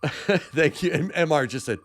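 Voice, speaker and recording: A man's voice: fairly high pitch, expressive, a little slow. A man hosting a live podcast giveaway, upbeat and laughing often as he calls out winners' names. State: out of breath. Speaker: podcast host. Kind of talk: livestream giveaway chat.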